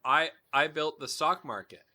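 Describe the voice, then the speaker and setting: A man's voice: on the high side, normal speed, sharp tone. A man streaming a tabletop game, joking around, laughing and talking to his chat. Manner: joking, giggly, talks to chat. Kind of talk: casual live-stream chat.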